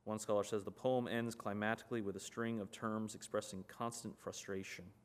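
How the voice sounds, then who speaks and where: A man's voice: lowish voice, level tone, brisk. A man preaching a sermon in an earnest, conversational way, reading scripture aloud and explaining it.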